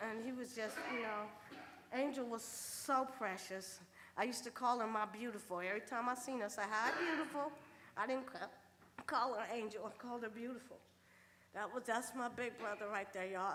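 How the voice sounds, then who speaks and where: Bright-voiced middle-aged woman in a reverberant hall. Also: fairly high pitch, steady tone, a little fast. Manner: chatty, conversational, full of "you know". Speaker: eulogy speaker. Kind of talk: informal funeral tribute. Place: funeral home chapel. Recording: hall reverb, faint room noise.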